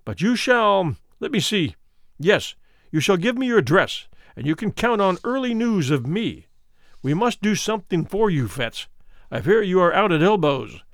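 A man reading a classic story aloud, voicing a wealthy older physician who talks in a hurried, falsely cordial, placating way. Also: high-pitched, big pitch swings, no room sound, studio quality. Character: wealthy, smooth-talking older male London physician, nervously polite.

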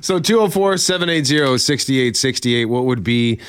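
Upbeat guy hosting morning radio, bouncy pitch, dry mic. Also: normal speed, clear, resonant tone, dry recording. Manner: upbeat, reads phone number, lively intonation.

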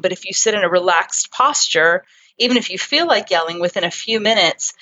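Woman therapist explaining stuff earnestly, lowish voice, muffled lo-fi audio. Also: sharp tone. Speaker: psychotherapist and author guest. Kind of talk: conversational storytelling.

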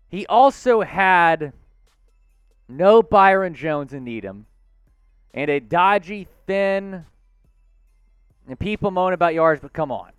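A man hosting a live sports talk stream, excitable and shouting out supporters. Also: sits high, clear, resonant tone, dry recording, studio quality. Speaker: host.

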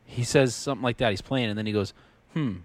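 A man in casual podcast chat who rambles through his ideas, restarting sentences and swearing freely. His voice sits at a middle pitch and sounds close and dry, with no room around it. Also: steady tone, racing, dry recording. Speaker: podcast co-host. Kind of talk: casual music discussion.

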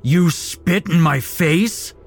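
A man's voice: medium pitch, unhurried, a little mellow, soft background music, voice pushed up, lightly acted. A man playing a roaring cruel cult leader. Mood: enraged. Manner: accusing, menacing, roaring when defied. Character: cruel male cult leader passing judgment.

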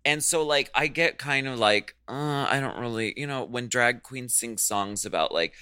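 A man co-hosting a podcast in casual chat, frank and animated, talking in "like"-filled runs. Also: medium pitch, unhurried, no echo, clean studio sound. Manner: animated, frank, peppered with "like" and "fierce". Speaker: podcast co-host.

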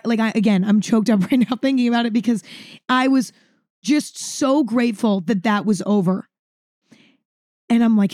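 A woman with a fairly high voice tells a personal story straight to camera. She is dramatic and emphatic, repeats words for effect and swears casually. The sound is dry and close, with no room echo. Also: warm tone. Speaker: vlogger. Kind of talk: storytime monologue.

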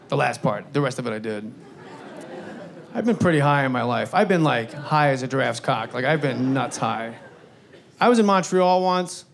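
A man's voice: medium pitch, slight background noise. A middle-aged man performing stand-up comedy, telling a long personal story in a profane, rambling way. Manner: profane, rambling anecdotal delivery.

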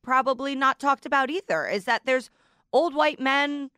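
A woman's voice: high-pitched, normal speed, pushed and bright, dry recording, studio quality. A young adult woman from a northern US state, a podcast guest riffing jokingly with quoted asides. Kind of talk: casual panel chat.

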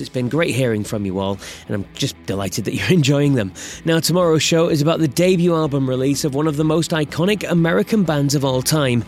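A man hosting a podcast, reading a friendly scripted outro. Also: mid-range voice. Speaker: podcast host.

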